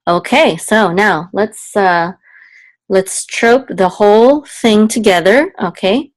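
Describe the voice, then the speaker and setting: A woman gives a relaxed one-on-one lesson, patiently breaking things into small steps and asking "okay?" as she goes. Her voice sits in an ordinary middle pitch. The room sounds dry and close, with little echo. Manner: patient, explains step by step, often checks with "okay?"; sings syllables higher and slower as examples. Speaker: Hebrew cantillation teacher. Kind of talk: casual one-on-one tutoring.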